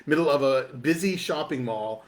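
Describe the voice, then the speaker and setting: A man telling a funny story on a casual talk show, animated and laughing often as he mimics the people involved. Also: a little high, normal speed. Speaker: co-host. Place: studio.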